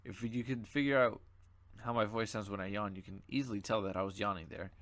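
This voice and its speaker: A man's voice: fairly low pitch, fairly even intonation, a little fast, a bit bright. A young man casually commenting on his own gameplay as a channel host, sleepy and yawning, rambling with lots of fillers and asides.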